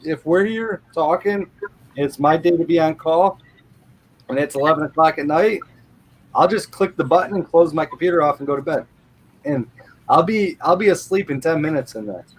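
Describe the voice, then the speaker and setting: A man's voice: on the high side, normal speed, husky. A man hosting a live show, telling rambling everyday stories and swearing freely in casual chat.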